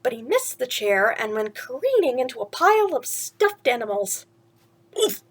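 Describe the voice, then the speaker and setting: Animated woman reading a bedtime story. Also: on the high side, moderate pace, husky. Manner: lively, laughs often, points out pictures. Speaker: storyteller reading a picture book.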